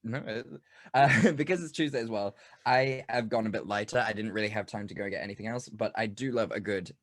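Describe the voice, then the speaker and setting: Excitable man with a low voice. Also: brisk, dry recording, studio quality. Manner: excitable, effusive, laughs often. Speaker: podcast co-host. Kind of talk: casual chat.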